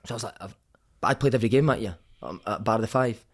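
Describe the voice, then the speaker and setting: A middle-aged man, a former footballer, telling a story as a guest on a casual podcast. He swears freely and tells it with lively energy. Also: lowish voice, fast talker. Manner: swears often, animated storytelling.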